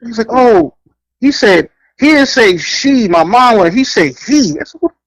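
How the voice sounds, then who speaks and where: Co-host type: high-pitched New man, animated and blunt, acts out quotes, dry close mic. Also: a little slow, dry recording, poor audio. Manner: blunt, profane, laughs often. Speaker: podcast co-host. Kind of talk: casual chat, storytelling.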